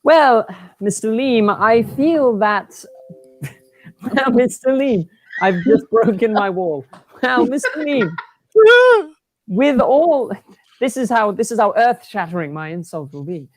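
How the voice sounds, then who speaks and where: Woman doing a pompous snob, condescending, drawn-out, dry close sound. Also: on the high side, animated, no room sound. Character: haughty holier-than-thou posh insulter. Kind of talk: comedy insult roast.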